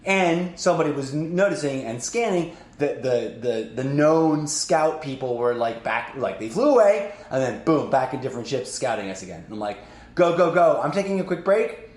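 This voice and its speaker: A man hosting a podcast, telling a story in casual chat to his sibling, rambling and animated, full of fillers and swearing. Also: mid-range voice, normal speed, hardly any pauses. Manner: rambling and animated, heavy use of "like", swears often. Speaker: podcast host. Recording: roomy echoey raw audio.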